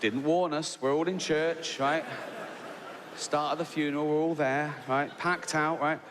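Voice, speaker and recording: A man's voice: on the high side, fairly even intonation, measured pace, noisy background. A man in his sixties doing stand-up, telling stories in a chatty way and tagging his lines with "right?" while laughing at his own jokes. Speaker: stand-up comedian. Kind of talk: stand-up storytelling. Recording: live hall reverb, faint ambience.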